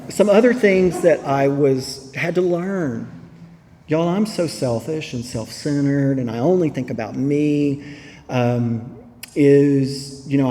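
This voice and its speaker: A man tells his story to a room in a candid, drawling, humorous way. His voice is mellow and warm. A long reverb from the meeting hall trails his words. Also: mid-range voice. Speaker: recovery meeting speaker. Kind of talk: personal testimony to an audience.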